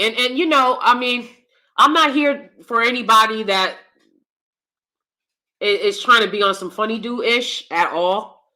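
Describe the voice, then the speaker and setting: Woman host, live-stream commentary; bright, edgy tone, blunt and profane delivery. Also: on the high side.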